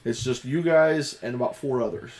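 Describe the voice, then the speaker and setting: A man's voice: medium pitch, moderate pace, over a noisy crowd, rough recording. Playful man narrating as game master. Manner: playful, laughs often.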